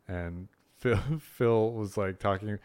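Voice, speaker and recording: Low-voiced joking man, podcast guest. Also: slow pace, a little mellow. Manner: joking, hesitant, many fillers. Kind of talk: casual chat.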